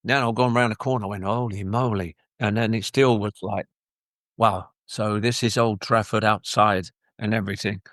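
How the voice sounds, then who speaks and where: Recorded in a studio with no room sound, this retired footballer's fairly low voice runs at a normal speed. Now older, he spins lengthy, wandering anecdotes for an interviewer, lively and doing voices for the people he quotes.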